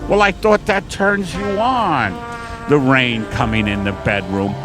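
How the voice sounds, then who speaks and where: A man's voice: medium pitch, a little slow, over music, lightly acted, rough recording. A man playing an exasperated husband. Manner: exasperated, blustery. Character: gruff middle-aged husband Al from New Hampshire.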